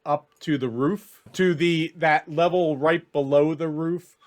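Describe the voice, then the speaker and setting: A man narrating a tabletop game as game master in a relaxed, descriptive way. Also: on the high side, unhurried.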